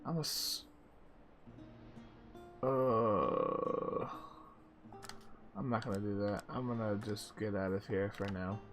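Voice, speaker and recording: A man's voice: fairly low pitch, animated, slow pace, long pauses, music in the background. A young man casually commenting on his gameplay, chatty and reacting aloud as he reads game text. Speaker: gaming video host.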